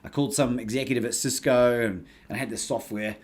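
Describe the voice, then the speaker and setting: A man with an Australian accent, a podcast guest telling a story in casual, animated talk and acting out the people he quotes. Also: mid-range voice, quick pace. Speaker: guest, courage coach.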